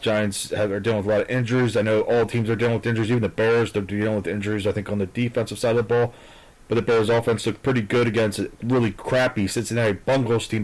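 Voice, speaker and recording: A man at an ordinary pitch rambles through his football picks. He stops and restarts often and leans on fillers. He is blunt and swears freely. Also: low-quality recording. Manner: hesitant, with many fillers and restarts; blunt and profane. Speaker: vlogger giving football picks. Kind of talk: casual rambling sports predictions.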